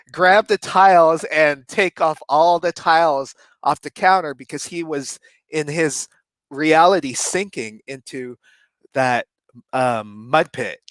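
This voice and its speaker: A man co-hosting a relaxed conversation tells a story in a lively way, often laughing mid-sentence. His voice sits somewhat high for a man. The sound is dry and close, with no room echo. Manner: animated, laughs often while telling. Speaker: co-host. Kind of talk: casual storytelling chat.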